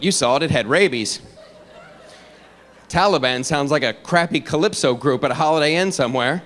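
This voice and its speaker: A man performing an animated stand-up comedy routine, jumping into many character voices. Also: on the high side, moderate pace, long pauses.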